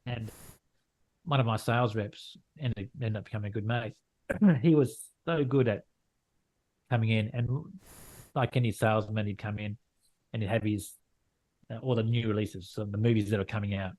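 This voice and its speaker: A man's voice: fairly low pitch, moderate pace, long pauses, a little mellow. A middle-aged Australian man from Western Australia, a landscape photographer talking frankly in a casual interview, often repeating and restarting his phrases. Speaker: landscape photographer and gallery owner.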